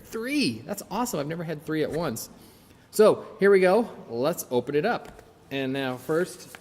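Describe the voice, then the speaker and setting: A man's voice: medium pitch, darkish tone, long reverb tail, a little hiss or hum. A man hosting his own podcast, chatting casually and enthusiastically as he unboxes toys. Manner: chatty, enthusiastic, self-deprecating. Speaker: podcast host.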